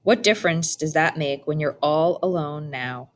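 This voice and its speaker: A woman's voice: deep voice, moderate pace, lightly acted. A woman voicing the cold, mocking stars of the night sky, taunting in a storybook reading.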